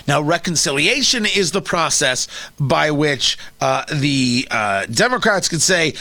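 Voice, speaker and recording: A man's voice: on the high side, lively intonation, slow, sharp tone, no room sound. A man hosting a talk radio show, delivering an opinionated monologue with sarcastic, mocking asides.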